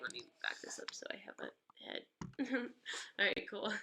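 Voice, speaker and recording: A woman's voice: medium pitch, big pitch swings, moderate pace, bright, forceful tone. A woman with a stuffy nose giving a chatty, upbeat live-streamed guitar lesson. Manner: chatty and upbeat, greeting viewers by name. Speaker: guitar teacher. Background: guitar playing.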